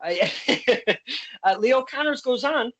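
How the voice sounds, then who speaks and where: An enthusiastic man hosting a casual interview, quick to praise his guest and read out viewer questions. His voice sits high and has a husky, breathy edge. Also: animated, a bit bright. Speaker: interview host.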